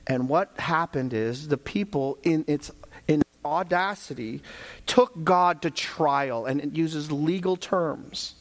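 A man preaching a sermon who addresses the congregation directly and moves between calm Bible teaching and fervent, shouted exhortation. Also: a little high, slow pace. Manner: addresses listeners directly as brothers and sisters.

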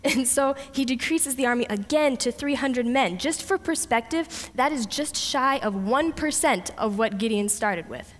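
A woman's voice: sits high, normal speed, hardly any pauses. Woman preaching in a reverberant hall. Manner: lively storytelling, voices God and Gideon playfully. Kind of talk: sermon.

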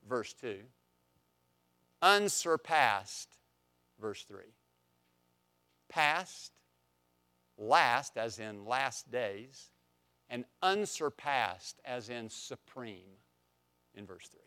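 A man's voice: medium pitch, fairly bright tone, clear, resonant tone. A young man teaching a Bible class, emphatic and repeating phrases for stress, with light jokes to his students. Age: young adult.

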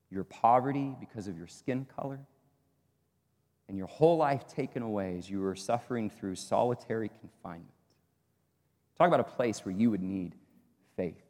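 An earnest male pastor delivers a sermon. His voice sits low and carries with rising emphasis. The words echo with the long reverb of a large sanctuary. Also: a little mellow. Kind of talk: sermon with a long read-aloud excerpt.

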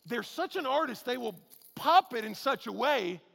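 A male pastor preaching in a conversational, animated way, with shouted emphasis and quick, low asides. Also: vocal fry, in a large hall. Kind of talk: sermon.

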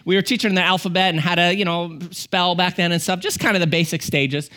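A man in his forties delivers a sermon as a guest preacher, opening with jokes and lively stories. His voice sits a bit high for a man, and he moves between quick asides and slow, emphatic points. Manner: humorous, animated storytelling.

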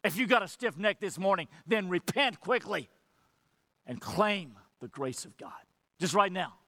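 A man's voice: high-pitched, sharp tone, no echo. A man preaching a sermon with passion, acting out quoted dialogue and dropping to near whispers for emphasis. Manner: impassioned preaching with dramatic drops to near whisper; acts out quoted dialogue between God and Moses. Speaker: pastor.

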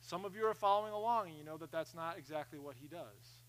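A man preaching a sermon, animated, swinging from loud emphasis to quiet asides, often repeating phrases. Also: fairly high pitch, fast, rough recording. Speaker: pastor.

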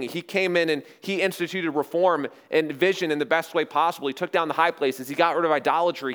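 A male pastor preaching a sermon as dramatic storytelling, swinging between loud rhetorical questions and hushed, low phrases.

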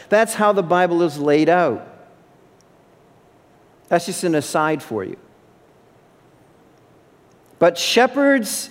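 A male pastor delivering an emphatic sermon in a church, repeating phrases for stress. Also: sits high. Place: church sanctuary. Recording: long hall reverb.

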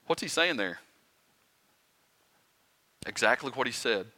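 Male pastor, bright and forceful tone, conversational sermon with rhetorical questions. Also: medium pitch, lively intonation, takes it slowly. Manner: conversational preaching, rhetorical questions, dramatic quiet and loud swings. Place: church sanctuary.

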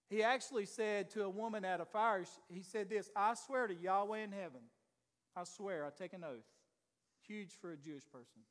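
High-voiced man preaching in a reverberant church. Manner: preaches with sudden loud rises and quiet drops, asks the congregation questions. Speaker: pastor. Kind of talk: sermon.

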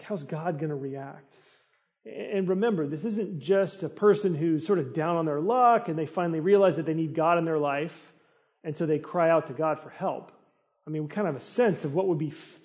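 Earnest preaching man, fairly high voice. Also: darkish tone. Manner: earnest, conversational preaching with rising intensity. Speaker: pastor. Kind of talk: sermon.

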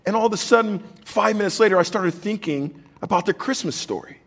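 A man's voice: high-pitched, brisk, a bit bright. A man preaching a sermon as pastor, conversational and jokey, reading scripture aloud to the congregation.

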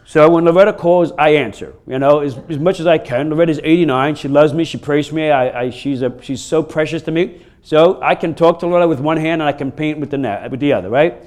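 A man preaching a sermon as pastor, telling stories in a lively, conversational way from a church stage. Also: fairly high pitch, brisk, hardly any pauses. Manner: storytelling, animated and laughing during funny stories. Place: church sanctuary.

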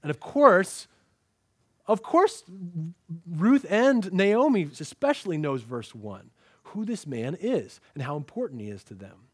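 Male pastor, sermon delivery, fairly high voice, animated storyteller, dry close sound. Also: normal speed, no echo. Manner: animated storytelling, acts out quoted lines. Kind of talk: expository sermon.

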